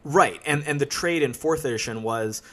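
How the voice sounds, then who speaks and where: A man hosts a relaxed podcast chat about tabletop games. His voice sits in the middle of the male range. He explains his points in a steady, analytical manner. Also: mid-range voice, normal speed. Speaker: podcast host. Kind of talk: casual podcast discussion.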